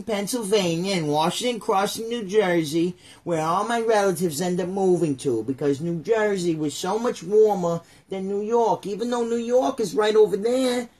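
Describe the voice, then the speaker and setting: A man's voice: sits high, darkish tone. A man hosting a podcast, retelling history in a loose, joking way full of puns and rambling asides. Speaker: podcast host. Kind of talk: casual comedic history chat.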